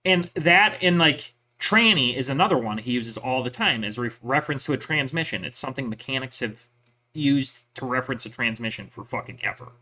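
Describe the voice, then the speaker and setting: A man with a bright voice rambles through casual stories, swearing freely and laughing at his own jokes. He talks like a veteran chatting with a friend, loose and unscripted. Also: mid-range voice, expressive, brisk. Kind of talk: casual chat.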